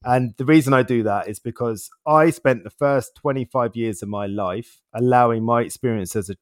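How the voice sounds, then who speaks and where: A man's voice: medium pitch, normal speed, dry recording, clean studio sound. A man as an interview guest, talking in a reflective, casual way, laughing often and repeating words as he thinks.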